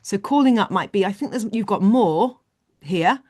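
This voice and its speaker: A woman leading an online leadership training session, explaining ideas in an animated way on a video call. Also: mid-range voice, moderate pace.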